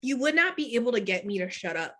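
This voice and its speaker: A woman's voice: fairly high pitch, big pitch swings, fast, heavy background noise. A woman co-hosting a casual podcast chat, playful and enthusiastic. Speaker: podcast co-host.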